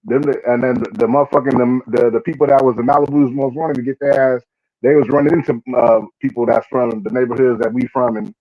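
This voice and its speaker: A man's voice: medium pitch, fairly even intonation, fast talker. A man hosting a casual live show, talking in a laid-back way with many filler sounds. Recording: dull lo-fi audio.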